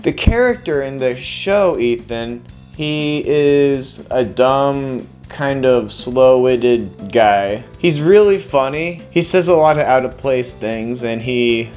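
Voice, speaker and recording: A young man talks about his animation work in a loose, rambling vlog style, often pausing to say "like." His voice sits at an ordinary mid pitch and stays easygoing throughout. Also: faint music behind. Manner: relaxed, rambling, with frequent fillers. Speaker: animator and channel host. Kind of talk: casual vlog explanation.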